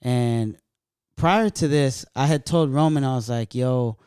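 Smooth-voiced man telling loose stories. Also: medium pitch, unhurried, no echo, studio quality. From California. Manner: loose, profane, animated storytelling. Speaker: stand-up comedian. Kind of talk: casual storytelling chat.

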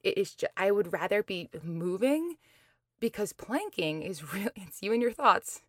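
A woman's voice: mid-range voice, sing-song, normal speed, dry recording, clean studio sound. A woman hosting a motivational talk show, telling a personal story in a chatty way, laughing often and acting out her own complaints. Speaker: podcast host.

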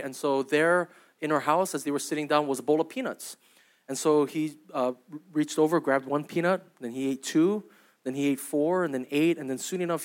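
A young adult man preaching a sermon as pastor, in a conversational, storytelling way that keeps checking in with "right?" and "okay?". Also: fairly high pitch. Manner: acts out quoted voices in anecdotes.

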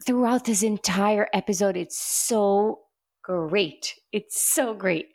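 A woman trades quick, joking quips as co-host of a casual recap chat, her voice mid-pitched. The sound is dry and close. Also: darkish tone, no room sound. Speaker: podcast co-host.

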